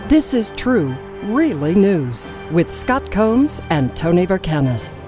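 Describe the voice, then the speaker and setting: A woman delivering a scripted show intro in a measured, mock-serious way. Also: fairly low pitch, sing-song. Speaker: show announcer. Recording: voice over clear music.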